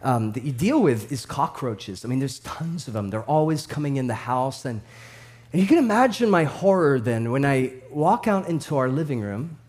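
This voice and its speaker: A man in his thirties preaching a sermon as a pastor, animated and storytelling, swinging between hushed and loud with laughs. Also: mid-range voice, normal speed.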